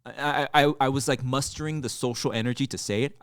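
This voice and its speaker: A man's voice: medium pitch, fast talker, clear, resonant tone, dry recording, studio quality. A young man co-hosting a podcast, telling an awkward story in casual chat and acting out the dialogue. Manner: animated storyteller, acts out dialogue. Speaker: podcast co-host.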